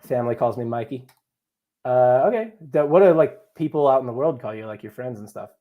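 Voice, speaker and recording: A young man hosts a live draft stream, reading viewer comments and joking casually with chat and his co-hosts. He speaks fairly quickly in a mid-range voice with lively intonation, and the audio sounds narrow and tinny.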